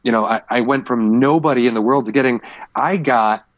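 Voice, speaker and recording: A former MMA fighter talking candidly in a casual podcast conversation, rambling through stories with many fillers. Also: male voice, medium pitch, a little fast, dry recording, dull audio.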